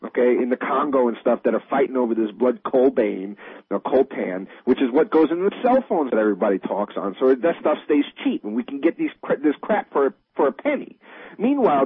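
An indignant man rants through a political chat, his voice swooping up and down as he piles on fillers. The tone is husky and dry. It sounds thin and tinny, like a phone line on the radio. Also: mid-range voice, dry recording. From Wisconsin. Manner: ranting, frequent fillers. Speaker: host.

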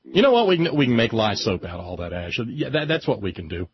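A man's voice: on the low side, fast talker, husky, no room sound. A man with a Southern American accent from West Virginia, co-hosting a casual political chat with sarcastic jokes. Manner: joking, sarcastic, animated. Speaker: co-host. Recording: muffled radio audio.

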